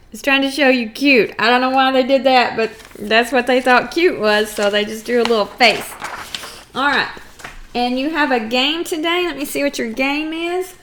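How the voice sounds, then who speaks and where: A middle-aged woman teaching a first grade phonics lesson, patiently sounding out words and clearing her throat now and then. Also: fairly high pitch, fairly bright tone. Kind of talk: recorded phonics lesson for young children.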